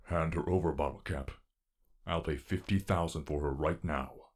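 A man voicing a slow, sneering male pony gang boss in a read-aloud story. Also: extremely low pitch, steady tone, breathy edge, voice pushed down. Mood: menacing. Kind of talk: audiobook character reading.

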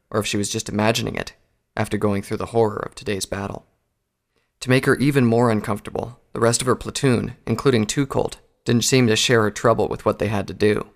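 A man narrating a story in an audiobook, with a steady storytelling delivery. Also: lowish voice.

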